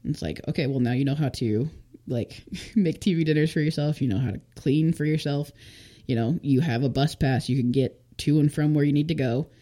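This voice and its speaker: Woman in her twenties, podcast guest, relaxed chatty testimony, lots of "like". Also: low voice, fairly quick. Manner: chatty, full of fillers, acts out quotes. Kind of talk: casual testimony interview.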